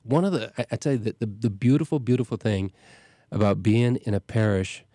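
A middle-aged man, a parish priest hosting a show, talking casually in a halting way with many restarts and fillers. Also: on the low side, dark tone, no room sound, studio quality. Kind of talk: casual talk.

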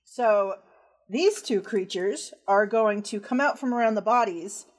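A woman's voice: mid-range voice, a little slow. A woman narrating as game master of a tabletop horror game, casual and descriptive, with frequent fillers.

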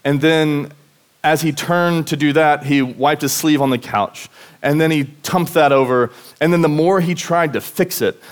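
A man preaching a conversational sermon at a church service, earnest and casual, often saying "like" and restarting his sentences as he tells personal stories. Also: on the high side. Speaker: pastor preaching.

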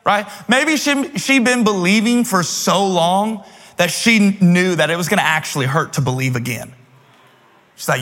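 A man with a high, bright voice preaches a sermon as a youth pastor, loose and playful, dropping slang and quick asides. His voice carries a long reverb, like a big church hall. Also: animated.

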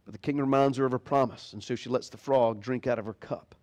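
A man's voice: medium pitch, fairly even intonation, fast, darkish tone. A man preaching a sermon as pastor, animatedly retelling a fairy tale. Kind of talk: sermon storytelling.

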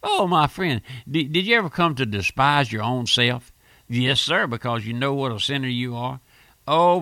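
A man's voice: medium pitch, bright, forceful tone, no room sound. A man preaching a radio sermon, fervent and repetitive, often restarting his phrases.

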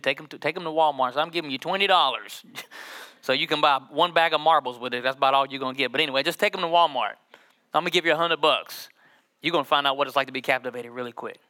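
Bright-voiced lively pastor preaching. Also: male voice, medium pitch. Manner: lively, joking, drawls scripture slowly. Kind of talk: sermon. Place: church sanctuary with congregation.

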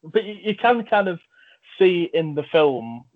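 A man's voice: sits high, very animated, a little slow. Chatty guy gushing about films, kinda muffled call sound. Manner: chatty, enthusiastic, jokey. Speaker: podcast host and film reviewer. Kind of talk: casual chat.

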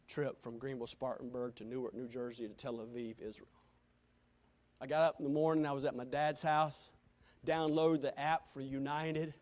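Male pastor, middle-aged, high-pitched, impassioned sermon delivery with big loud-to-whisper swings.

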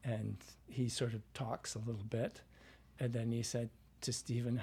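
A man in an interview spins loose, rambling anecdotes about his work as a dialect coach. His voice is mellow and dark, with a husky grain. He keeps restarting and piling in fillers as he goes. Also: mid-range voice, little pitch movement, normal speed, few pauses.

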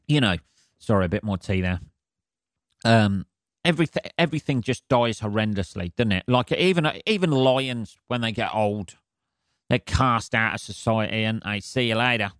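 A man's voice: on the low side, lively intonation, moderate pace, dry recording, studio quality. A man hosting a podcast, rambling through a sweary, wry comic monologue and often asking for agreement. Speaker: podcast host.

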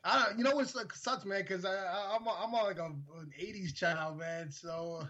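A man in his forties, a podcast guest telling stories in a laid-back, halting way. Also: high voice, sharp tone, dull audio. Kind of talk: casual chat, storytelling.

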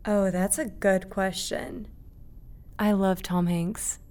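A woman's voice: mid-range voice, flat delivery, slow, darkish tone. A young adult woman, a guest in a casual interview, speaking earnestly and reflectively and laughing easily.

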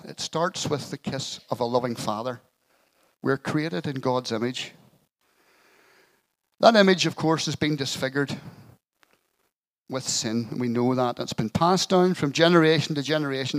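A man's voice: mid-range voice, poor audio. A male pastor giving an earnest sermon in church, telling a story with a touch of light humour.

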